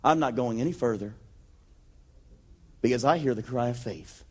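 A man preaching a sermon with rising passion, acting out Bible scenes and building to shouted declarations. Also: mid-range voice, moderate pace, husky. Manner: acts out Bible scenes in quoted voices.

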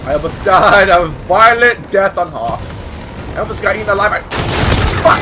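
Young male gamer, high and animated, excitable and foul-mouthed, game noise behind. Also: moderate pace. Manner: excitable, swears a lot, yelps at hits. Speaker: gaming YouTuber. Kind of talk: casual gameplay commentary.

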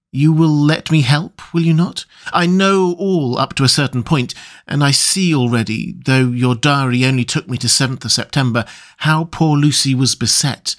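A man reading an audiobook, voicing an earnest young gentlewoman who speaks gently but with grave resolve. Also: a little high, natural voice. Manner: gentle, pleading, steady.

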